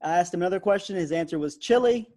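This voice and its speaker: A young man in his twenties co-hosting a podcast, chatting in a relaxed way with lots of fillers. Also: sits high, fast. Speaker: podcast co-host. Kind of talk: casual sports podcast chat.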